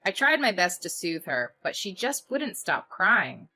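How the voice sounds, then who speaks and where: Low bright woman narrating her own story, steady, faint music behind. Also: unhurried. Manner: steady first-person recounting.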